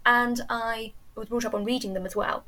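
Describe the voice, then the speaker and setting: A woman's voice: fairly high pitch, fairly even intonation, moderate pace, pushed and bright. An English woman, a teacher, chatting enthusiastically as an interview guest and often restarting her sentences. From England. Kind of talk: casual chat.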